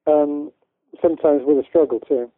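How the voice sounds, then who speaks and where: A man's voice: fairly high pitch, steady tone, moderate pace, no echo. A man from the UK, a guest educator in a casual interview, talking in a rambling way with many restarts. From United Kingdom. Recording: tinny phone-line audio, dry.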